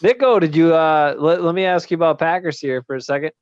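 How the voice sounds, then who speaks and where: A man's voice: on the high side, fairly quick, dry recording. A man co-hosting a live podcast, asking his friends questions in casual chat. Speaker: co-host. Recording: dull dry sound.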